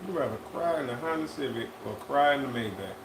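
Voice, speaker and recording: A man co-hosting a casual live-stream chat, talking in a relaxed, drawn-out way and often repeating his phrases. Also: mid-range voice, background noise. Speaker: podcast co-host. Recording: echoey room with faint ambience.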